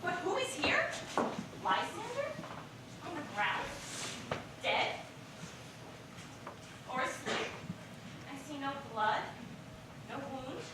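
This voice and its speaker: A woman's voice: sits high, wildly swooping pitch, takes it slowly, long pauses, exaggerated voice. A woman playing a lovesick young woman on stage, speaking earnest verse in a distant, echoey, noisy recording. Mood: plaintive. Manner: earnest verse, rising to indignant outbursts. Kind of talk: stage play acting.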